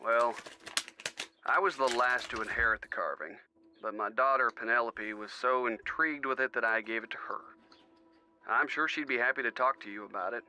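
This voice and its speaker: A man's voice: mid-range voice, moderate pace, bright, forceful tone, rough recording. An actor voicing a friendly, easygoing older man in a video game. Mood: genial. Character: genial older man, a great-grandson heir.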